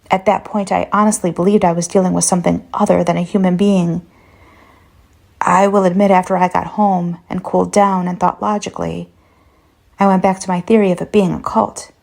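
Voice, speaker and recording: A woman narrating a first-person horror story in a tense, measured way. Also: fairly low pitch, steady tone, creaky, a little mellow.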